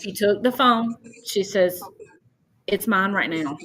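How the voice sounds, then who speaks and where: A woman's voice: mid-range voice, lively intonation, slow pace, a bit bright, poor audio. A woman, a podcast guest earnestly recounting a personal story and quoting others at length. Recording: faint background noise.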